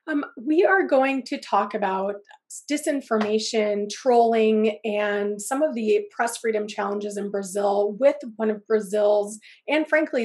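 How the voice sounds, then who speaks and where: A woman's voice: mid-range voice, darkish tone. A woman with a scratchy voice from a cold, moderating a webinar conversation on press freedom over a video call. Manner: conversational, with frequent ums and restarts.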